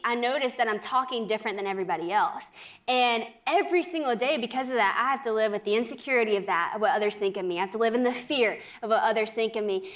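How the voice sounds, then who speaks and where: Young adult woman, TV interview guest, earnest and animated storyteller, bright higher register. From United States. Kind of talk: faith testimony in a TV interview.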